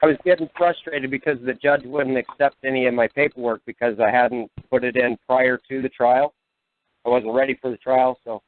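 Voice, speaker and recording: A man's voice: mid-range voice, fairly even intonation, fairly quick. A man calling in to a talk show, telling his story hesitantly with many fillers. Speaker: caller. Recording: dry, tinny phone line.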